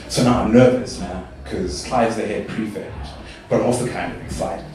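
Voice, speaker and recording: A young man from South Africa performing a stand-up comedy routine, telling stories in an animated way and jumping to high squeals when he quotes himself. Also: moderate pace. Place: stage in a club or hall. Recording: echoey live stage sound from a distance.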